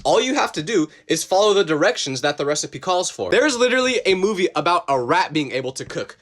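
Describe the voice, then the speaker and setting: Young man, storytime narration, quick delivery, roomy echo, emphatic. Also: on the high side, expressive, a bit bright. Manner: emphatic, with incredulous rhetorical questions. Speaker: storytime gaming channel host. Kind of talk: scripted storytime narration over gameplay.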